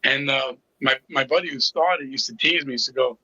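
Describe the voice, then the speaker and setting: A man's voice: mid-range voice, brisk, sharp tone, breathy edge, no echo, highs cut off. A middle-aged man telling his personal story as an interview guest, candid and with a sarcastic sense of humor. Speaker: interview guest, recovery coach.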